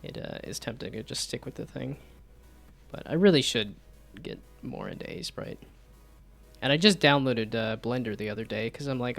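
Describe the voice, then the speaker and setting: A man's voice: mid-range voice, animated, normal speed, gravelly, fairly bright tone, faint music behind. A man chatting casually on a live stream about his game development projects, rambling and self-deprecating.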